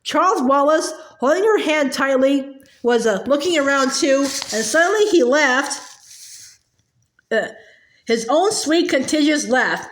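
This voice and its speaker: A woman's voice: sits high, normal speed. Woman reading a novel aloud, earnest and stumbling; echoey room. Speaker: audiobook reader. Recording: roomy echo.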